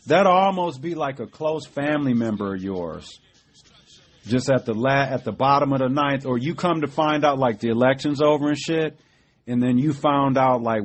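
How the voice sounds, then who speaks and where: A middle-aged man hosting a podcast, giving casual political commentary in an emphatic, profane, conversational way, with many fillers like "you know what I mean". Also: fairly high pitch. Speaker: podcast host.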